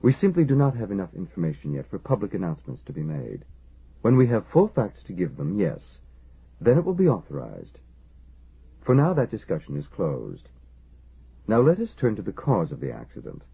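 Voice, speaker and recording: Male reader as a curt authoritative chairman, husky voice, wide pitch swings. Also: wildly swooping pitch, moderate pace, exaggerated voice. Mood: commanding. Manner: dry, authoritative. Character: dry commanding male ministry chairman. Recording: lo-fi phone-like audio.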